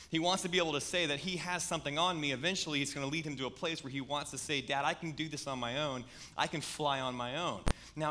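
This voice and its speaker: A man's voice: a little high, bright, forceful tone. A man, preaching a sermon in a conversational, storytelling way. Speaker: pastor.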